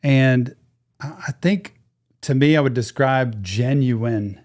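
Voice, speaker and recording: A man's voice: mid-range voice, slow, darkish tone. A man, a therapist, giving casual, enthusiastic and reflective commentary while reacting to a song. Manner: enthusiastic, reflective, talks over the track. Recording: music playing in the background.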